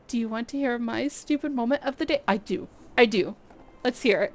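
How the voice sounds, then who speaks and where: A woman's voice: a little high, lively intonation, normal speed, soft background music. A woman from Texas streaming a game, chatting casually and laughing at herself often. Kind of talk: casual chat while playing.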